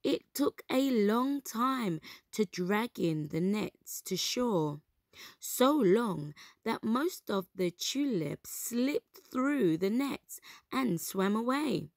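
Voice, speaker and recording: A woman reading a storybook aloud to children, gentle and expressive. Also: on the high side, slow, dry recording, studio quality.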